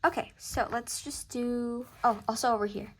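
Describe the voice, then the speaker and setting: A woman's voice: on the high side, fairly even intonation, moderate pace, slight background noise. A woman tutoring music theory in a casual lesson, chatty and thinking aloud as she corrects herself. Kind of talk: casual screen-recorded lesson.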